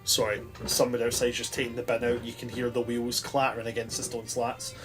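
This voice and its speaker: A man's voice: mid-range voice, completely flat delivery, fast, over music. A man narrating a tabletop game as game master, rambling through lots of fillers.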